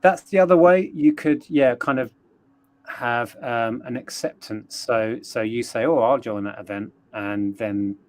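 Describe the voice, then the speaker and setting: A man's voice: mid-range voice, measured pace. A man co-hosting a livestream, explaining ideas in a thoughtful way with fillers. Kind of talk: casual explanatory chat.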